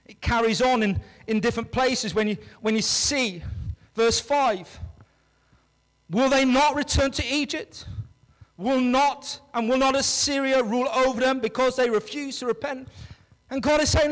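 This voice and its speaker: A male pastor preaching a sermon to his congregation, animated, swinging between loud calls and hushed words. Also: very high voice, unhurried, big-room sound, rough recording. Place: church hall with a congregation.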